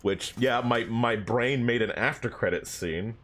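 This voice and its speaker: A man's voice: medium pitch, a little slow, a bit bright. A young man telling a story about his dream in a rambling, laughing way, swearing often. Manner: rambling, swears a lot, laughs between lines. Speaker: streamer.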